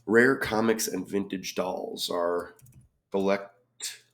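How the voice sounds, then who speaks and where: A man solving a crossword puzzle aloud, reading clues and thinking out loud with frequent ums and muttered asides. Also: sits low, fairly even intonation, takes it slowly. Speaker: crossword reviewer.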